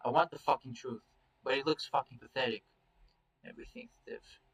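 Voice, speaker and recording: A man's voice: mid-range voice, a little fast, fairly bright tone, husky, distant mic, rough recording. A man reading a first-person story aloud in a casual, profane, confessional way. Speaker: story reader.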